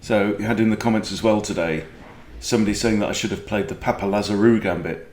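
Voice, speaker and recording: A man's voice: on the low side, fast, darkish tone, echoey room, slight background noise. A man with a Welsh accent, a chess coach chatting and joking as he thinks aloud through a game. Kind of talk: casual game commentary.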